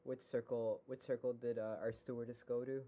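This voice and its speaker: A man's voice: mid-range voice, little pitch movement, brisk, dark tone. A man playing a tabletop game, making playful asides. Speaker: player.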